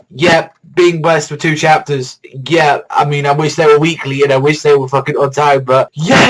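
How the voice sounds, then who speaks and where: A man hosting a manga reaction video in excitable, rambling casual commentary, swearing a lot and stacking fillers. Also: on the high side, normal speed, hardly any pauses, low-quality recording. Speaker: manga reaction channel host.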